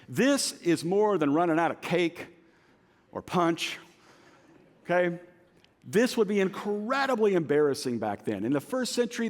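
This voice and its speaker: A middle-aged man preaching a sermon as pastor, telling stories with self-deprecating humor. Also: high-pitched. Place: large church auditorium. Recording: long hall reverb.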